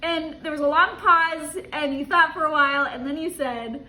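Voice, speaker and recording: A woman's voice: sits high, normal speed, bright, forceful tone, echoey room, slight background noise. A woman reading a travel story aloud and breaking off with her own asides, laughing often as she goes. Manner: giggly, laughs often through her words.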